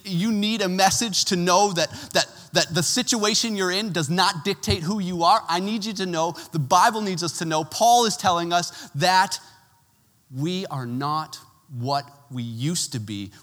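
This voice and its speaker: A man's voice: on the high side, in a large hall. A man preaching a sermon in a conversational way, telling stories with casual asides. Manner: conversational, animated storytelling with asides. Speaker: pastor.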